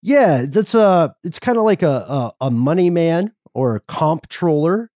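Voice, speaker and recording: A man's voice: fairly high pitch, lively intonation, unhurried, dark tone, dry recording, studio quality. A man co-hosting a casual history podcast, with wry joking asides. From Atlanta, Georgia, US. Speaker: podcast co-host.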